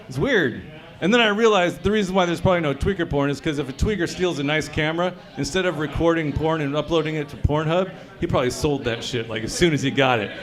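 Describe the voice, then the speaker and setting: A man with a high voice performs stand-up at a brewery showcase. He talks crude and casual, keeps checking in with the audience, and delivers his set in a chatty way. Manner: crude, conversational, quizzing the crowd. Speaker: stand-up comedian.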